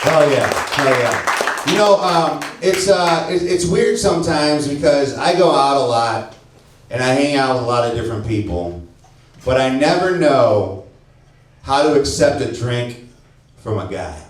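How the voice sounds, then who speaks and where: A man's voice: medium pitch, animated, unhurried, far from the mic, some chatter behind. Brash stand-up man in an echoey club. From St. Louis, Missouri. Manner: brash, profane, teasing the audience. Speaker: stand-up comedian. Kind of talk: stand-up set with crowd work. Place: comedy club stage before a laughing crowd. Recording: echoey club recording, mic heard from afar.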